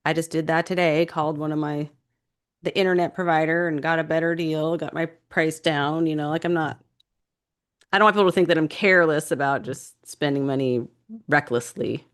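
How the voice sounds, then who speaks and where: Candid low-voiced woman co-hosting. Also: a little fast. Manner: relaxed and candid, with frequent "you know" and "I just". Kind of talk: casual conversation.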